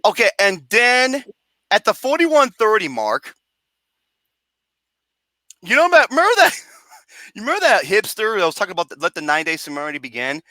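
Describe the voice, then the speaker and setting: This is a host in the middle of a comedic review rant, cursing freely and laughing at their own jabs. Their pitch leaps around constantly, and the tone is bright and cutting. The recording is dry and close. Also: moderate pace, pauses often, no room sound. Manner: animated, laughing, swearing, sarcastic.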